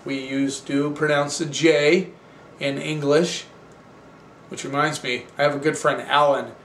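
A man's voice: on the high side, measured pace, reverberant, distant mic, a little hiss or hum. Rambling male wine show host. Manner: relaxed, rambling, conversational. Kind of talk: casual wine tasting review.

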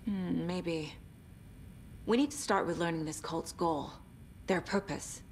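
An actress voicing a calm, analytical female FBI agent who reasons deliberately in a video game. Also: on the low side, a little hiss or hum.

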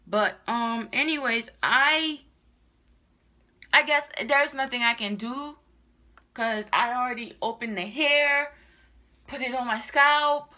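A woman's voice: a little high, slow, long pauses, sharp tone. A young adult woman giving a casual, exasperated product review to her viewers, repeating herself and swearing. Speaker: hair reviewer vlogger.

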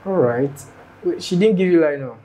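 A man's voice: on the high side, lively intonation, normal speed, warm tone, a little hiss or hum, lightly acted, poor audio. A man playing a coaxing flirt. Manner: smooth, coaxing, hesitant. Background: music.

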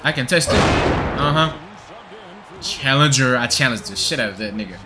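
A man's voice: mid-range voice, normal speed, sharp tone. A young man giving profane, trash-talking gameplay commentary with a hyped, joking manner. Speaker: gaming video creator.

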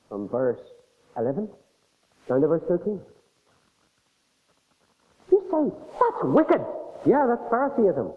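A man preaching a sermon with a fairly high and very lively voice. He tells a story as he goes, rising to loud emphasis and dropping to quiet asides. The recording is tinny and thin, like a phone line.

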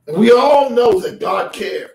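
A man's voice: extremely high pitch, lively intonation, measured pace, vocal fry, darkish tone. A man preaching a streamed sermon as pastor, talking with his congregation and calling for responses. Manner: conversational preaching, calls for response. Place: church sanctuary. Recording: roomy, from a distance, music faint behind.

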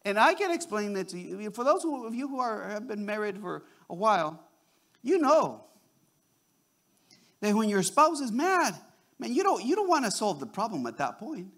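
A man preaching with a strikingly high, bright voice that rises and falls a great deal. He restarts and repeats words as he goes and breaks into acted-out quotes. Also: sing-song, moderate pace. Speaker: pastor. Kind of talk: sermon.

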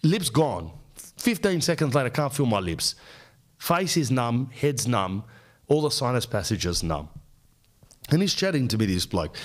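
An Australian man in his thirties hosts a podcast with a mid-pitched voice. He rambles through comic stories, swearing freely and wandering off on tangents. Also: very animated, unhurried. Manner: rambling, profane storytelling. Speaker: podcast host. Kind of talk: casual comic monologue.

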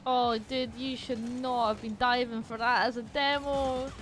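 A young woman commentating her own gameplay, excitable and sweary, often yelling at her teammates. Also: fairly high pitch, measured pace, a little hiss or hum. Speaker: gaming streamer.

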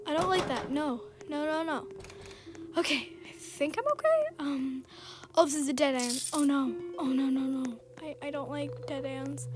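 A woman's voice: high-pitched, measured pace. A young woman casually commenting on a game she is playing, giggling often and easily spooked. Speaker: gameplay streamer. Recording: music playing underneath.

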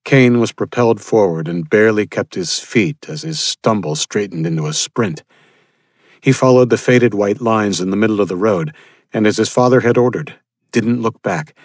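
Male thriller narrator, deep and husky, dry close recording. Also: dry recording. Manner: steady, measured storytelling. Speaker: audiobook narrator. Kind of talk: scripted narration.

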